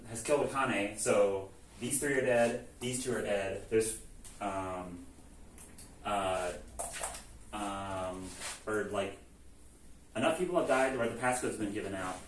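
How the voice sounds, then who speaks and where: A man casually retelling a game's story, acting out the characters' lines in an animated, profane way. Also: lowish voice, slow pace, long pauses. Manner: animated retelling, acts out characters' lines with frequent swearing and laughs. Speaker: presenter recapping a video game plot. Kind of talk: casual comedic lecture. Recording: echoey room, distant mic, faint noise.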